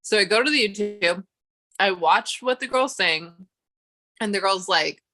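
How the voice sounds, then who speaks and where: A woman's voice: medium pitch, expressive, unhurried, pushed and bright. A young woman chatting casually to her livestream audience, rambling off on tangents and breaking into exasperated, swearing rants.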